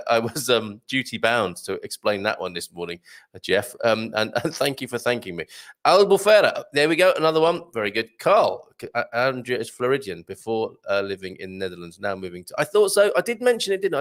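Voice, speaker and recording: A man's voice: mid-range voice, lively intonation, brisk, a bit bright. A light-hearted man hosting a live chat show, reading out viewer comments and laughing often. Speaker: host.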